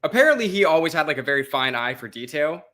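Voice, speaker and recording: A man's voice: fairly high pitch, big pitch swings, fast, bright, forceful tone, a little hiss or hum. An American man co-hosting a podcast, chatting loosely, swearing casually and laughing often. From United States. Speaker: podcast co-host. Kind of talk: casual chat.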